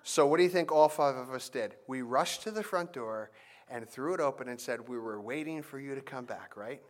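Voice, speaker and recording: A man preaching a sermon, telling a family story and then teaching from scripture, with animated emphasis on key points. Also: medium pitch, moderate pace. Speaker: pastor.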